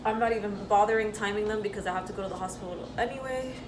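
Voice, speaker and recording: A young woman chatting casually to the camera while in labor, giggly and excited, pausing through contractions. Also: medium pitch, noisy background. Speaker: vlogger. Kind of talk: casual vlog chat.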